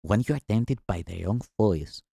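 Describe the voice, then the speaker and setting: A man giving a measured, earnest spiritual reading in a solemn teaching style. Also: fairly low pitch, expressive, vocal fry, warm tone, breathy edge, no room sound, studio quality.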